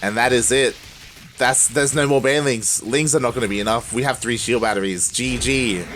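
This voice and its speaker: A man casting a live strategy game tournament, moving from calm play-by-play to loud shouting, laughing often and talking in casual slang. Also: mid-range voice, normal speed, slight background noise. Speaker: esports caster.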